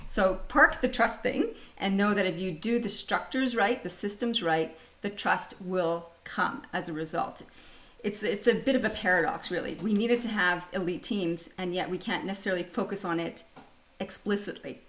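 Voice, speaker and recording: A woman's voice: mid-range voice, moderate pace, a bit bright. Upbeat Canadian woman giving a webinar. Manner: chatty and upbeat, laughs often. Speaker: leadership speaker hosting a webinar. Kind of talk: webinar presentation.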